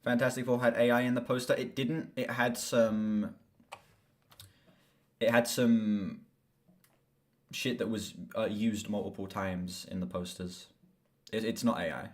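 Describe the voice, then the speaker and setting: A young man chatting casually on a live stream about movies, excitable and swearing freely. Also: on the low side, unhurried, pauses often.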